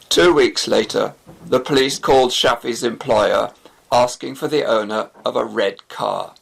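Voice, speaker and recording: Slow, gravelly British male narrator. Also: mid-range voice. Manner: slow, clear, expressive. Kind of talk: storybook narration for learners.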